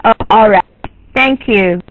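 A woman's voice: mid-range voice, measured pace, slight background noise. Chinese-accented woman lecturing over a tinny line. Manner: repeats and restarts phrases, asks the class questions. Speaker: English teacher giving a lecture. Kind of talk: bilingual lecture in English and Mandarin. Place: online lecture. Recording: tinny phone-like line, dry.

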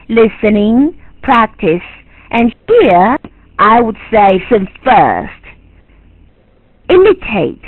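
An English teacher lectures her class emphatically, repeating her key points. Her voice is a little high with a breathy edge and no echo, captured on a tinny, lo-fi, phone-like recording.

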